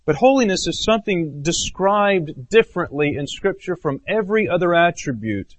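A man preaching a sermon as pastor, earnest, swinging between raised emphatic phrases and low hushed ones. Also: lively intonation, moderate pace.

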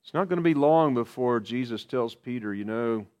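A man's voice: medium pitch, animated, brisk, a little mellow. A man preaching a sermon in a conversational way, repeating key phrases for emphasis.

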